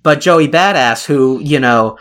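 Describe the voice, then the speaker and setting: A man's voice: fairly high pitch, a little slow, fairly bright tone. A man hosting a casual music podcast, talking in a rambling way with many restarts and fillers. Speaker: podcast host.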